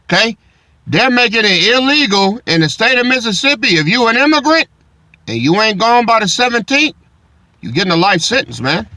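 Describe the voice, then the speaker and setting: Male streamer, AAVE, fired-up profane commentary, bright forward tone, dead-dry sound. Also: high voice, dry recording. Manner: loud, swearing, heated.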